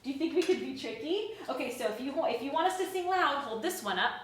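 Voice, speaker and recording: A woman's voice: sits high, expressive, quick pace, slight background noise. A woman teaching a children's music class, singing nursery songs and cheerfully coaxing the kids to join in. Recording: echoey room.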